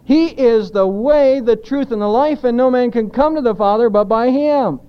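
A man's voice: very high voice, normal speed, clear, resonant tone, highs cut off. A man preaching an expository sermon as a pastor, speaking emphatically and putting rhetorical questions to the congregation.

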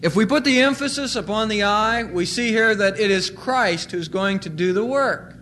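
A male pastor preaching a sermon, slowing to stress single words. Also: high-pitched, animated, a bit bright, slight background noise.

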